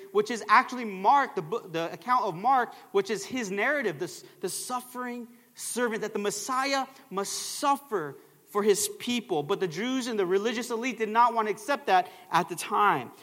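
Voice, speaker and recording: A man's voice: high voice, fairly bright tone, in a large hall. A middle-aged man, a pastor, preaching a sermon in a church with emphatic call-and-response phrases. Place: church sanctuary.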